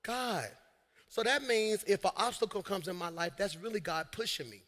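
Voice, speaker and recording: A man preaching a lively sermon from a church stage, shouting, laughing and talking to his congregation. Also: high voice, normal speed. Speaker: pastor. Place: large church hall on stage. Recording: long hall reverb.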